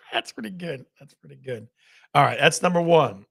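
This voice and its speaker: A man's voice: a little high, lively intonation, normal speed, creaky, a bit bright, slightly rough. A man hosting a live quiz with game-show countdowns, laughing often at his own jokes. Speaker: host.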